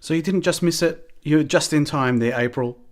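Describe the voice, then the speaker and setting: A man's voice: on the high side, moderate pace. A man hosting a game livestream, chatting casually to viewers, reading out their names and apologizing for slips. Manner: chatty, apologetic, addresses chat viewers by name. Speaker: livestream host.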